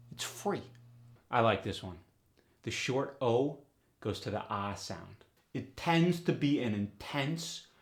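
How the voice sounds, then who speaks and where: A man teaching a dialect tutorial as an upbeat accent coach, loudly exaggerating the example words he demonstrates. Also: medium pitch, roomy sound.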